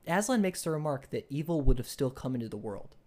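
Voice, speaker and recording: On a laid-back podcast, a young male co-host recounts a book at a quick clip in a mid-range voice. His telling wanders, packed with restarts and verbal fillers, and he grows animated when arguing ideas.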